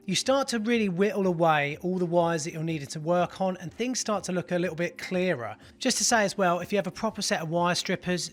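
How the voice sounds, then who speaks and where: A man giving casual, chummy voice-over asides in a plumbing tutorial. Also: high-pitched. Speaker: plumber host. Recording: voice-over with loud music behind.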